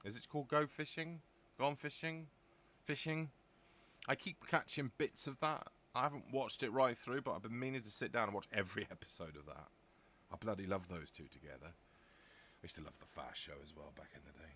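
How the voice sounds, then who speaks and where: A man's voice: on the low side, brisk, bright, forceful tone, a little hiss or hum. A man, chatting casually as a podcast host, rambling along with jokey asides. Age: 50s. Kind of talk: casual chat.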